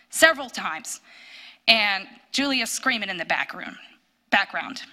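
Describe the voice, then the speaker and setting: A woman telling a personal testimony in church, storytelling with animated bursts when quoting. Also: mid-range voice, unhurried. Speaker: church speaker sharing a testimony.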